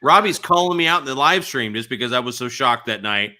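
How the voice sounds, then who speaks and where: Brief: lively man, bright forceful voice, swooping pitch, storytelling host. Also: fairly quick. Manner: animated storyteller. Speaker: livestream host. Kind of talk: casual chat.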